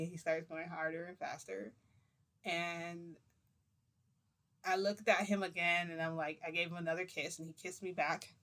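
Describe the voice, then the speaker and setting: A woman's voice: fairly low pitch, fairly even intonation, moderate pace, a bit bright. A woman vlogger telling a story to camera in a rambling, chatty way, with fillers and laughs.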